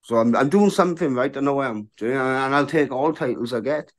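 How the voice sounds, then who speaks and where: A man's voice: mid-range voice, quick pace. A man in his thirties, a bare-knuckle fighter, talking frankly in a casual interview and often asking "do you know what I mean?".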